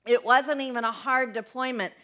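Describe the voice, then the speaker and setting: At a moderate pace and fairly high pitch, a young female pastor gives a conversational sermon. She stays animated and keeps asking the people listening questions.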